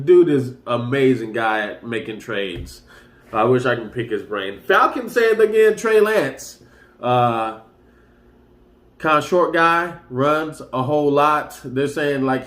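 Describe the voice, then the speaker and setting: A man's voice: mid-range voice, roomy sound. A man hosting a casual sports talk show, rambling loosely and getting hyped as he runs through the news. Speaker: sports commentary host.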